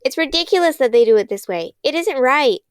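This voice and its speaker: A woman's voice: high-pitched, expressive, brisk, no echo, clean studio sound, voice pushed up. A woman voicing a cranky, bratty little girl who sneers and snaps in a whiny tone. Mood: cranky, sneering.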